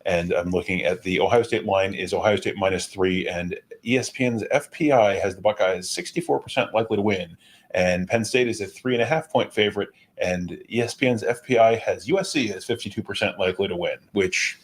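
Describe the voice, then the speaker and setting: Low-voiced man reading sports comments. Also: fairly quick. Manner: reads listener comments aloud. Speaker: podcast co-host. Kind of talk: casual sports chat.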